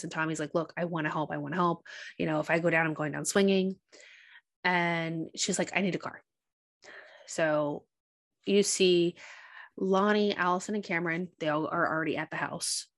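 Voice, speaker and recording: A woman co-hosting a podcast, retelling a movie's plot in casual chat and acting out the characters' lines. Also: sits low. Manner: animated retelling, acts out quotes. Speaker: podcast co-host.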